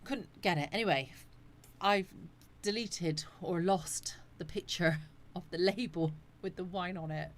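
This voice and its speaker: A woman's voice: fairly low pitch, unhurried. A woman hosting a casual live chat, rambling and answering viewers' comments. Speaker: live stream host.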